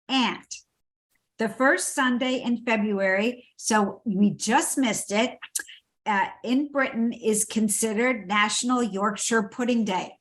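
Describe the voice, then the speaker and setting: A woman's voice: fairly high pitch, a bit bright. A woman hosting a book club, summarizing a book in a casual, chatty way with playful asides and frequent fillers. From United States.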